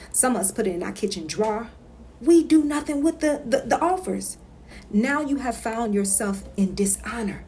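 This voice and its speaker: A woman talking straight to her viewers in a casual home vlog. She is emphatic and repeats herself, and she keeps checking in with "okay?". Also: fairly high pitch. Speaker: consumer-rights vlogger. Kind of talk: casual instructional monologue.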